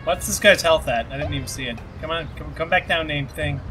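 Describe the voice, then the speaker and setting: A man's voice: on the high side, brisk, low-quality recording. A man hosting a let's play, giving casual gaming commentary, swearing and laughing at his own moves.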